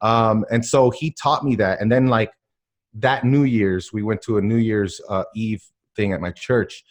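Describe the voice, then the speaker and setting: A man from the Miami area, a podcast guest telling a personal story in an animated, emphatic way, with lots of filler words. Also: lowish voice, measured pace.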